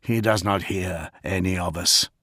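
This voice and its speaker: A grave, deferential male officer from an audiobook, voiced by a man. His low, husky voice stays subdued and heavy. The sound is dry and close. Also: a little slow, sharp tone, dry recording, heavily acted. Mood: miserable. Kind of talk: audiobook character voice.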